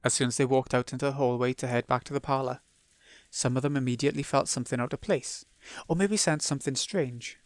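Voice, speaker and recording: A man reading the narration of a visual novel aloud as a let's play, in a steady storytelling read. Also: mid-range voice, fast, no room sound.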